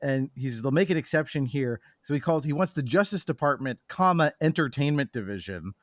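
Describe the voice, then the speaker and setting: A man's voice: medium pitch, lively intonation, fairly quick, dry recording, clean studio sound. A man on a movie podcast steadily recapping a film's plot, with a few fillers. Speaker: podcast panelist. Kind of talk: casual movie podcast chat.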